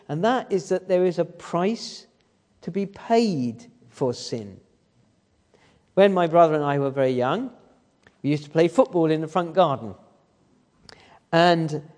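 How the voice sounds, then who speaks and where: Male guest preacher, a little high-pitched, storytelling sermon with rhetorical questions, recorded in a church with long reverb. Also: a little mellow. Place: church hall.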